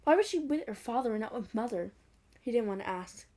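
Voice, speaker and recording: Young woman reading a fanfic out loud, giggly, keeps making snarky little comments. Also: a little high, expressive, fairly quick. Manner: giggly, mocking asides. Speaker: fanfic reader. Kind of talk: reading a fan fiction aloud with commentary.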